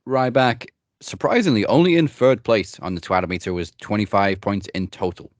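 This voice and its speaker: A man's voice: on the low side, moderate pace, no echo. A man co-hosting a wrestling podcast in casual, joking chat, running a points tally. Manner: wry, joking, runs the points segment. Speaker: podcast co-host.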